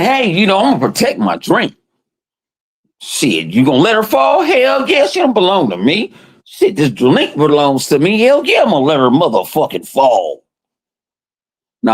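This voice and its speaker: Slightly high and husky, his voice keeps a moderate pace as he hosts a podcast. He tells stories in a relaxed, animated, profane way, often doing voices for quotes.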